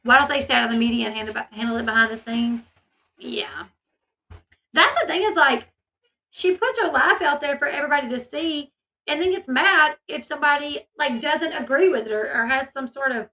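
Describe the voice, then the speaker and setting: A woman's voice: high-pitched, bright, forceful tone, distant mic, rough recording. A woman hosting a casual commentary video, chatty and opinionated with many fillers. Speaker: commentary channel host.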